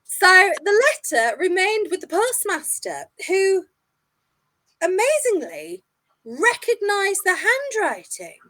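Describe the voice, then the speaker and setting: A woman's voice: extremely high pitch, very animated, slow, sharp tone. A woman tour guide telling a history story in a jokey, self-mocking casual chat, a little tipsy. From England.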